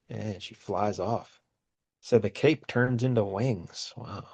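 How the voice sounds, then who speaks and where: A man's voice: on the low side, takes it slowly, gravelly, a little mellow, slightly rough, no room sound, dull audio. A man co-hosting a comic book podcast, casually retelling the story with frequent laughs and brief acted lines. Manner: rambling, laughs often, acts out characters' lines. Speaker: podcast co-host.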